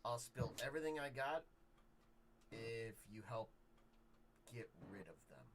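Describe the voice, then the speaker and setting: A man's voice: medium pitch, big pitch swings, a little slow, a little hiss or hum. A man voicing a hard-drinking female card cheat who is coy, evasive and bargaining. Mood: sly, wary.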